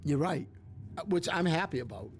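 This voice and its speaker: A man's voice: a little high, lively intonation, normal speed, a little hiss or hum. Rambling male podcast co-host. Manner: rambling, heavy use of "like". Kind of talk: casual political chat.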